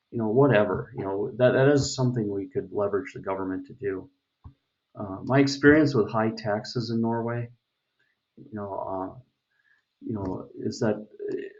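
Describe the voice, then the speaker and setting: A man's voice: lowish voice, a little mellow. A middle-aged man from the United States giving a casual opinion monologue, rambling with many fillers and restarts. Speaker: vlogger. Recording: dull lo-fi recording.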